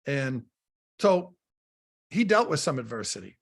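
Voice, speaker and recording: His voice is on the high side, with vocal fry and a breathy edge, at normal speed. The middle-aged man is a radio football analyst telling animated stories in casual sports talk, frequently repeating words as he opens a thought.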